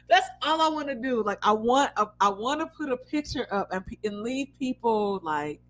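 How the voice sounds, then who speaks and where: A woman's voice: on the high side, lively intonation, normal speed, poor audio. A young woman chatting candidly on a podcast, blunt and full of fillers as she stretches her stories out. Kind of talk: casual chat.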